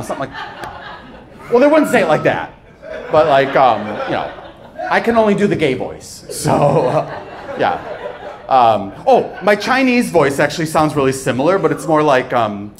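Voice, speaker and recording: A man doing a live stand-up comedy set on a club stage, with a playful, animated delivery and pauses for laughs. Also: fairly high pitch. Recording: noisy live club recording.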